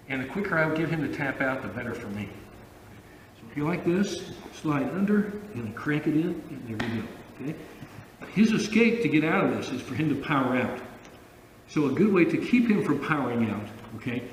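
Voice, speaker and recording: A man's voice: mid-range voice, slight background noise. A man teaching a judo armlock on the mat, explaining each step and checking in with "okay?" as he demonstrates. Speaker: judo instructor. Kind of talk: instructional demonstration. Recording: echoey hall, far from the mic.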